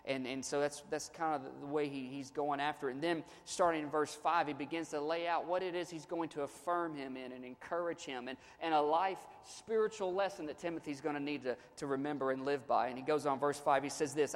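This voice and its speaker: A man preaching in an earnest, repetitive way, circling back over his words as he explains a passage. His voice sits a little high for a man. A long reverb trails behind him, as in a large hall. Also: brisk, few pauses. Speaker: pastor. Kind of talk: sermon.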